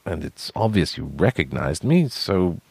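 A man's voice: sits low, big pitch swings, a little slow, creaky, breathy edge, no room sound, exaggerated voice. A man voicing a weary but proud young royal half-brother, earnest as he explains.

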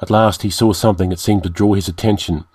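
A man reads a dark fantasy story in a measured, dramatic storytelling voice. His voice sits on the lower side. The recording is close and dry, with no room around it. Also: steady tone, dry recording. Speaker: narrator. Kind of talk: audiobook narration.

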